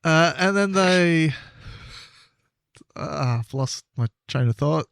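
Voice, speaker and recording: A man's voice: fairly high pitch, animated, takes it slowly, creaky, fairly bright tone, clean tone, no room sound. Aussie guy bantering on a podcast, teasing and laughing, really dry close mic. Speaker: podcast co-host. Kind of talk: comedic story retelling.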